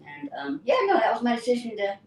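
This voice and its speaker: Older woman telling lively anecdotes. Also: fairly high pitch, fast, gravelly, a little hiss or hum. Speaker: actress and guest. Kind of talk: casual interview storytelling. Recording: roomy distant mic with faint ambience.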